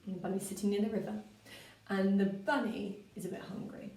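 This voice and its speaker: A woman, a primary school teacher, giving a story-writing lesson for children in a clear, patient way, with lively expressive reading. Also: medium pitch, a little fast. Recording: roomy, from a distance.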